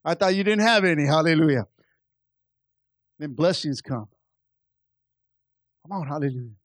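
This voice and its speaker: Male pastor, high pitch, fervent sermon delivery with repeated calls, dry close sound. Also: animated, moderate pace, no echo. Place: church service.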